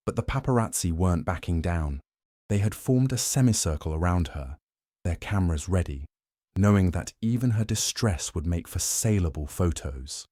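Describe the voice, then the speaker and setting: Brief: male narrator, very low voice, measured, dry studio sound. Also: lively intonation, mellow, no room sound. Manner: measured storytelling. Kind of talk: scripted narration.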